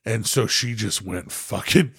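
A man's voice: fairly low pitch, measured pace, breathy edge, dry recording, clean studio sound. A man hosting a casual chat, telling stories with lots of swearing and laughter. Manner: animated storyteller, swears a lot, laughs often. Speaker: podcast host.

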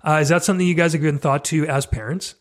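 A man with a fairly high voice hosts a podcast interview. He speaks in a reflective, conversational way and steers the talk with open questions. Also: steady tone, racing. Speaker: podcast host.

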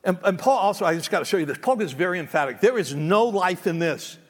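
A man's voice: high-pitched, expressive, fast, long reverb tail. A man preaching a sermon as pastor, emphatic and conversational, often restarting his words.

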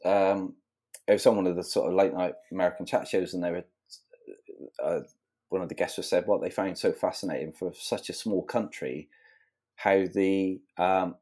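A very deep-voiced English man chats on a podcast as a guest. He rambles through his anecdotes in a relaxed, chatty way. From England. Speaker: guest modeller. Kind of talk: casual podcast chat.

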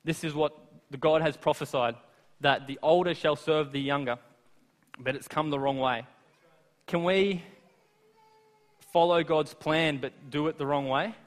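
Man, fairly high voice, sermon, casual storytelling with asides, long hall reverb. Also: a little slow, long pauses. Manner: lively retelling of scripture with asides to the listeners. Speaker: preacher.

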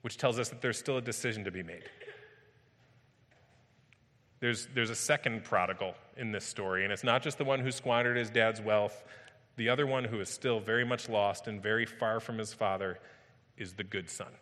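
A man's voice: lowish voice, steady tone, normal speed, fairly bright tone. A man preaching a sermon as pastor, retelling scripture emphatically and vividly, often repeating his phrases. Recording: long hall reverb.

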